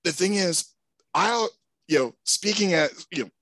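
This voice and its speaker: A man on a discussion panel, speaking earnestly and building to emphatic, animated points. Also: high voice, a little slow, no room sound. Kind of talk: conversational discussion.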